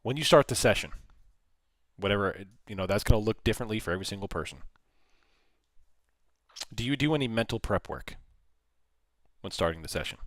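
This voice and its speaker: A man hosting a live trading stream, giving animated, folksy market commentary straight to his viewers. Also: lowish voice, fairly quick, long pauses, no echo, clean studio sound. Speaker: options trader hosting a livestream.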